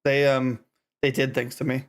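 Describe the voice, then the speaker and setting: A man's voice: medium pitch, little pitch movement, moderate pace, clear, resonant tone. A man co-hosting a casual gaming podcast who rambles, restarts his sentences and swears when he gets worked up. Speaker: podcast co-host. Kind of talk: casual chat.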